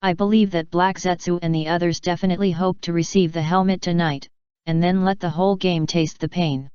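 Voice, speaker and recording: A woman narrating a fan fiction audiobook in a steady, even reading. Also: on the low side, brisk, clean tone, no echo, highs cut off.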